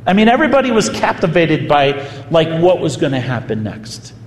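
A man, a priest, telling a story in a sermon with animated, vivid delivery. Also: a little high, brisk, a little hiss or hum. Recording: echoey hall, faint ambience.

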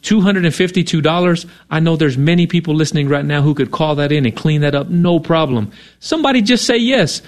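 A man's voice: a little high, animated, fairly quick. A man co-hosting a radio fundraiser, coaxing listeners to give in an earnest, persuasive way and often adding "right?". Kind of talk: on-air fundraising appeal.

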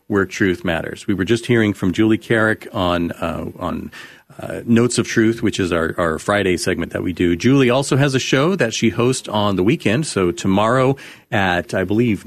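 A man's voice: lowish voice, no echo. A man hosting a morning radio show, friendly and rambling, correcting himself as he goes.

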